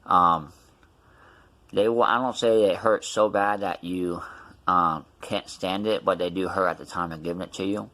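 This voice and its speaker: Low-voiced man, rambling story. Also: steady tone, moderate pace, sharp tone. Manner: rambling, many fillers and restarts. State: mouth numb after tooth extraction. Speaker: vlogger. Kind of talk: casual storytelling vlog.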